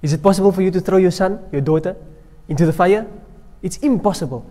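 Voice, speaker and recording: A man's voice: sits high, quick pace, dark tone. A man giving a Ramadan sermon as a sheikh, telling stories and reciting Arabic phrases, in a mosque hall. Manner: storytelling preacher, mixing in Arabic recitation. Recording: long echo of a mosque hall.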